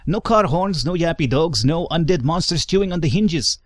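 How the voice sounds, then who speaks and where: A man's voice: fairly high pitch, lively intonation, normal speed, no room sound, pitched above the performer's own voice. A man voicing a sleepless, irritable survivor who hates noise, speaking in a vague put-on accent. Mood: weary. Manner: odd put-on accent, weary complaining.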